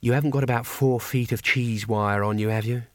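A man's voice: medium pitch, unhurried, a little mellow, slightly rough, no room sound, clean studio sound. A man voicing a fierce young woman fighter in a storybook reading, speaking curtly and matter-of-fact. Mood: wistful.

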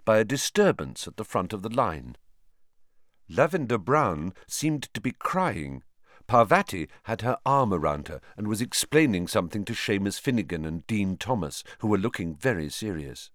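Deep-voiced man narrating a storybook. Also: dry recording, clean studio sound. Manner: animated, dramatic storytelling. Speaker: audiobook narrator. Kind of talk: scripted narration.

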